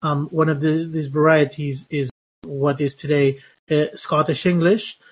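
A man giving a recorded lecture to students, halting often with fillers and restarts. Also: a little high, little pitch movement, breathy edge, rough recording. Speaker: university lecturer.

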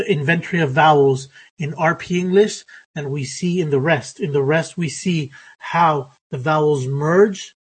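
A man giving a recorded lecture on English phonetics, halting often with fillers and restarts as he works through his slides. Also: a little high, breathy edge, low-quality recording.

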